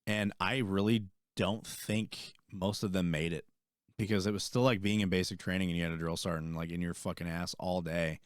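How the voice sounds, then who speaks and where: A young man, an army veteran and podcast co-host, telling a rambling, profane story in casual chat and getting animated as he retells it. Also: low-pitched, normal speed, clear, resonant tone, no room sound, studio quality.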